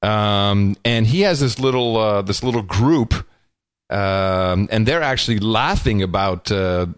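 A wisecracking male podcast co-host with a somewhat low voice, rambling through his points with many fillers. The sound is dry and close, with no room around it. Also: unhurried, clear, resonant tone, dry recording. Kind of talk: casual political chat.

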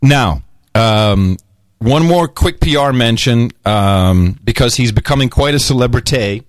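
A man's voice: medium pitch, animated, unhurried, no echo. A man co-hosting a podcast in casual chat, rambling with many fillers and chuckles. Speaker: podcast co-host.

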